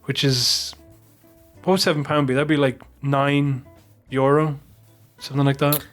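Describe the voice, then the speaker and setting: A man's voice: mid-range voice, little pitch movement, a little slow, a bit bright, faint music behind. A man on a podcast telling a long, rambling anecdote with plenty of swearing. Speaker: podcast co-host. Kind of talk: casual podcast chat.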